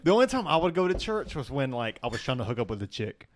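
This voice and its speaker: A man's voice: mid-range voice, big pitch swings, fast talker, a crowd in the background. A man hosting a podcast, teasing and egging on his guest in casual chat. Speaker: podcast host.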